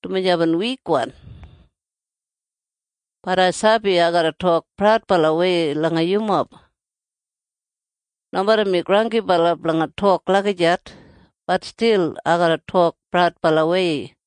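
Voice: medium pitch, measured pace, long pauses, clean tone, no room sound. Earnest Australian Kriol scripture reader. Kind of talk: scripture reading.

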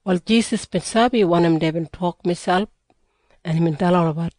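A woman with a Northern Australian Kriol accent reads scripture aloud at a steady, measured pace. Her voice sits on the low side, with a soft, mellow tone. The sound is close and dry, with no room echo. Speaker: scripture reader.

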